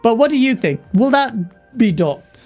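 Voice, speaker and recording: A man's voice: very high-pitched, big pitch swings, moderate pace, a little mellow, faint music behind. A man hosting a casual gaming live stream, reading out super chats and putting questions to his guests. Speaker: stream host.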